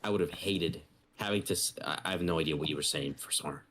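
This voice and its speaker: A young man on a podcast, casually telling an animated story and swearing freely. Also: extremely low pitch, quick pace, husky. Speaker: podcast co-host.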